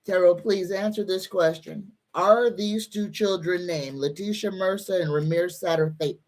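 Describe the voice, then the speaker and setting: A woman's voice: fairly low pitch, normal speed, a little mellow. A woman hosting a live-stream tarot reading. She chats with viewers and greets them by name, and she calls on the universe and her spirit guides. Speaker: psychic tarot card reader.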